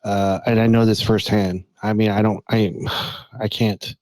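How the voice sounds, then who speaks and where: A man's voice: fairly low pitch, flat delivery, a little slow, darkish tone, no echo, rough recording. A man, a guest on a casual podcast, talking in a loose, rambling way.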